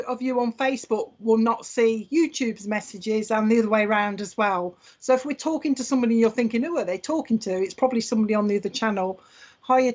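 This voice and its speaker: A woman's voice: fairly high pitch, darkish tone, highs cut off. Chatty woman greeting viewers. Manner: chatty, greets viewers by name, laughs often. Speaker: medium hosting live online readings. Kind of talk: casual live-stream chat. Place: home room.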